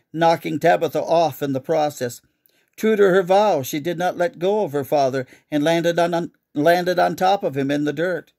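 A man reading a children's story aloud in measured narration. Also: fairly high pitch, vocal fry, darkish tone.

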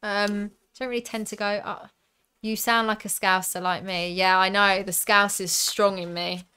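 A woman's voice: medium pitch, level tone, normal speed, bright, forceful tone, clean tone. A young woman with a southern English accent, chatting on a live stream as she opens card packs and reads out viewer comments. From southern England.

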